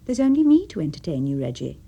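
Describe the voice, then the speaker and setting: A woman with an English accent reading the part of a soft-voiced young woman who laughs at her suitor. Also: low voice, sing-song, quick pace, gravelly, husky, muffled recording, heavily acted. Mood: light teasing. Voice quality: small soft voice.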